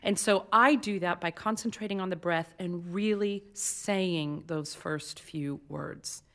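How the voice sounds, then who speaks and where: A woman opera singer speaks in a voice sitting a little low for a woman. She explains her craft in an onstage interview before an audience, animated and expressive. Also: takes it slowly.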